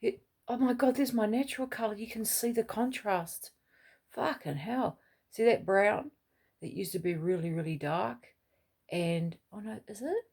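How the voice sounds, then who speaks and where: A woman's voice: mid-range voice, normal speed, gravelly, darkish tone, breathy edge. A middle-aged woman, chatting and rambling at home in a casual vlog, swearing now and then. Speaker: vlogger. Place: small home unit, kitchen.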